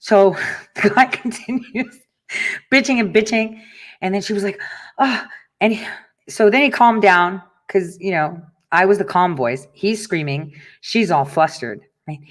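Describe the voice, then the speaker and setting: A woman's voice: medium pitch, lively intonation, a little slow. A middle-aged woman hosting a talk show, telling stories and ranting bluntly with frequent swearing and laughs. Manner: blunt and profane, storytelling with laughs. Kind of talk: casual monologue to listeners.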